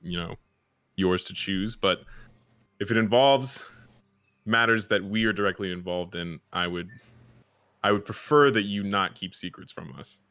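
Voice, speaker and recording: A man playing a courteous, earnest adventurer, speaking formally and in measured phrases. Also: low-pitched, pushed and bright, clear, resonant tone, no room sound.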